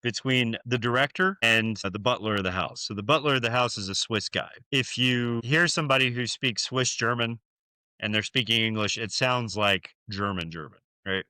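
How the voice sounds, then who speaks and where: This mid-range male voice moves at a moderate pace and sounds sharp, clear and resonant, with no echo. He's a US podcast co-host casually retelling a horror movie, profane and full of fillers.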